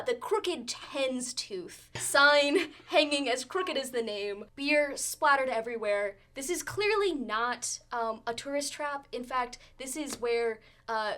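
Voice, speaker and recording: A woman narrating a tabletop game as game master, setting scenes with frequent fillers and laughter. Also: a little high. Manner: lively, giggly scene-setting with many fillers.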